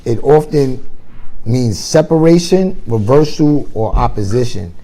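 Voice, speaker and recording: Mellow-voiced man reading aloud in class. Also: medium pitch, measured pace, poor audio. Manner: short murmured agreement, reads a definition aloud. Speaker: class participant.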